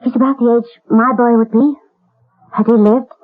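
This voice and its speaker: An actress playing a gentle wealthy lady, speaking tenderly and pleading through tears, in a 1970s radio drama. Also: fairly high pitch, fairly even intonation, normal speed, close to an everyday voice. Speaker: lady of the house. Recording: tinny old radio broadcast.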